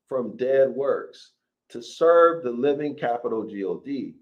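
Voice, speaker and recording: A man lecturing, reading scripture aloud and commenting on it in an emphatic, deliberate way, calling his listeners "y'all", with a voice that is giving him trouble. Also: medium pitch. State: voice troubled, needs water. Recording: dull lo-fi recording.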